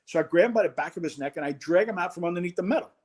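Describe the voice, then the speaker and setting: A middle-aged man, a former college football head coach, telling an animated story in a casual interview and acting out the voices in it. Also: high voice, racing.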